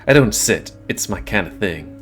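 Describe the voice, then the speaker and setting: Low-voiced man joking through a game. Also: animated, moderate pace, a bit bright. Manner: rambling, joking, thinking aloud. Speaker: gameplay streamer. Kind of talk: casual let's-play commentary. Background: faint game music.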